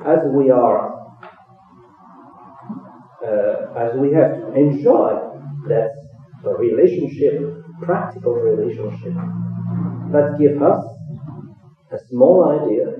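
A man, speaking English as an in a devotional Bible discussion, pausing often to search for words. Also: medium pitch, slight background noise. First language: French. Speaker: participant in a Bible reading meeting. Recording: distant, echoey, phone-like sound.

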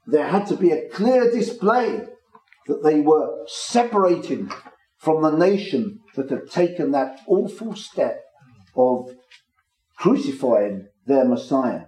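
A man gives a measured Bible talk to a small gathering and leans on the words he wants to stress. His voice sits a little high and sounds mellow and warm. The room around him is echoey. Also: very animated. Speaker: preacher. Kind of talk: Bible teaching to a small congregation.

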